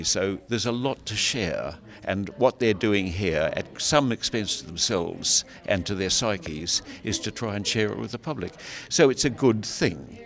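A man's voice: lowish voice, fairly bright tone. An older man commenting in an interview, emphatic and reflective, with some restarts. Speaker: guest commentator. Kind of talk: interview answer.

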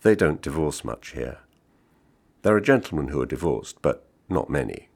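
Old Swiss porter, voiced by a male reader: polite, formal, low gravelly voice. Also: sing-song, moderate pace, a little mellow, exaggerated voice. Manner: courteous, formal, slightly foreign-sounding English.

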